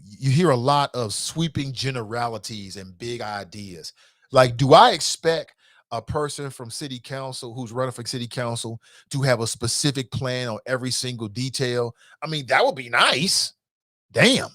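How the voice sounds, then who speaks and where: Fired-up dude ranting on his call-in show, pitch all over the place, dry close mic. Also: fairly bright tone, no echo. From Cincinnati. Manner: passionate, blunt, swears, swings from low mutters to high outbursts. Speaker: show host. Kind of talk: call-in talk show commentary.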